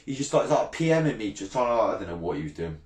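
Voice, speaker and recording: A man's voice: fairly low pitch, very animated, quick pace, echoey room. A brash man in his thirties, ranting bluntly and swearing freely in a casual vlog, often laughing. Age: 30s. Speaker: fishing channel vlogger.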